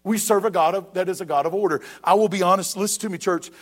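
A middle-aged man, a pastor preaching a sermon to his church, growing loud and emphatic on repeated questions. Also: high-pitched, fairly even intonation, fast talker.

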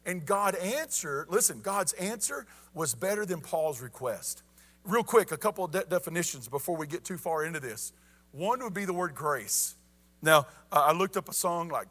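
High, bright-voiced preacher. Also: male voice. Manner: folksy, repeats "you ready?" and "y'all". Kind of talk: informal evening sermon.

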